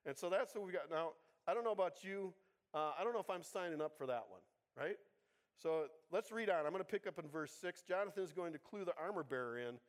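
A man's voice: high-pitched, expressive, fast. A man giving a sermon in a casual, conversational way, with humorous asides and frequent rhetorical checks with his listeners. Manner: conversational, keeps asking the congregation "right?". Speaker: pastor.

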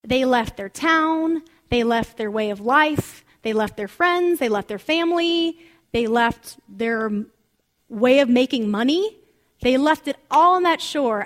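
A woman teaching from the Bible in an animated, conversational sermon full of asides. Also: sits high. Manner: animated, chatty storytelling with asides.

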